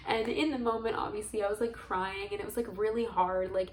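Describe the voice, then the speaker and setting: A woman's voice: mid-range voice, steady tone, fairly quick, echoey room, slight background noise, poor audio. A young woman telling a personal story to camera in a chatty, earnest way, often saying "like". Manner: chatty, heavy use of "like", earnest and emotional. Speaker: vlogger.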